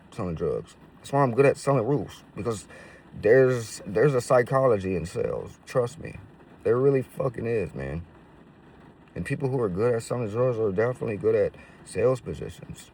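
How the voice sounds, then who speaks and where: A man's voice: lowish voice, a little mellow, distant mic, a little hiss or hum. A man casually telling stories to camera in profane, slangy street talk full of fillers. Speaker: roofing business owner.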